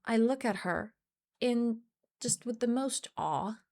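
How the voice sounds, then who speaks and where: A woman's voice: a little high, animated, takes it slowly, darkish tone. A woman life coach telling a personal story in an earnest motivational talk, acting out bits of dialogue. English is not her first language.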